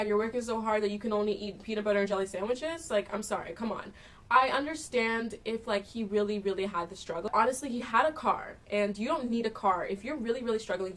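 Young woman vlogging a storytime, chatty and animated, sounds a bit far from the mic. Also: mid-range voice. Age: young adult. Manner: chatty, animated retelling with quoted dialogue. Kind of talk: casual storytime vlog.

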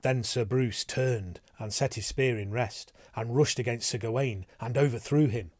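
A man narrates an audiobook at medium pitch, his storytelling even and measured. The sound is clean, studio-grade, and free of echo.

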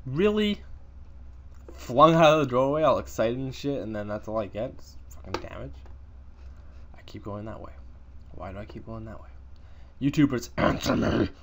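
A man giving casual, excitable commentary while playing a survival game, swearing and joking with his viewers. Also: medium pitch, normal speed, long pauses, a little hiss or hum. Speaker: gaming YouTuber.

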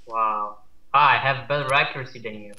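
A man's voice: medium pitch, brisk, dull audio. A young man joking dryly with a friend while they play a game. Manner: dry, joking banter. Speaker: gamer. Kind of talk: casual gameplay commentary. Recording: echoey room.

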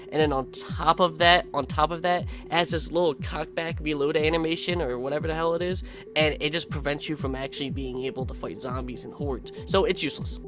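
A quick-talking man runs through his playthrough in a loose, offhand voice-over, cussing now and then and tossing in dry, sarcastic remarks. Game music plays clearly underneath him. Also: a little high. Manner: laid-back, swears casually, recounts play with sarcastic asides. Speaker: gaming video creator. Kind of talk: casual gameplay voice-over.

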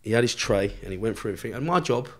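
A man's voice: mid-range voice, animated, rapid-fire. A man telling a long story as a podcast guest, swearing constantly and laughing as he goes. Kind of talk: storytelling in casual chat.

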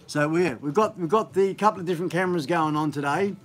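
A man's voice: on the high side, fast talker, faint music behind. A man hosts a casual live stream, rambling in an upbeat, chatty way with many fillers, recorded on a phone on a gimbal.

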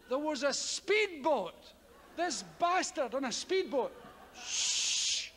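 Scottish stand-up guy, slow drawn-out delivery, high voice that swings all over, big echoey hall with crowd hum. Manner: animated, profane, loud vocal sound effects. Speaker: stand-up comedian. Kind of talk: stand-up comedy storytelling. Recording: live hall with audience ambience.

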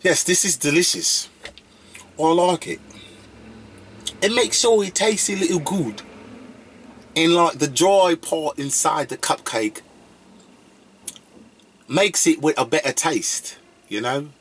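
A man's voice: on the high side, animated, slow, pauses often, fairly bright tone, a little hiss or hum. A man putting on a prim, formal English accent while tasting a cupcake. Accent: put-on English.

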